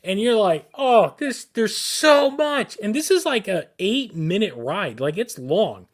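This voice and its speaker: Excited man on a podcast, slightly high voice. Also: unhurried. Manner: excited, rambling recounting with frequent restarts. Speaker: podcast co-host. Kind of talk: casual podcast storytelling.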